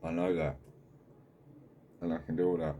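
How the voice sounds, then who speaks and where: Man, low mellow voice, rough-spoken candid diary-vlogger. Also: level tone, lo-fi sound, slight background noise. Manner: halting, heavy swearing, raw and candid. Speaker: channel host. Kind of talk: candid mental health video diary.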